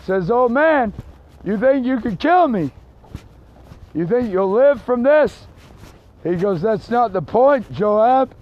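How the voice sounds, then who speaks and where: A man preaching outdoors in a park, telling a story slowly and deliberately, dropping his voice for the quoted lines. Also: very high voice, lively intonation, highs cut off. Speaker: street preacher. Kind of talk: sermon storytelling.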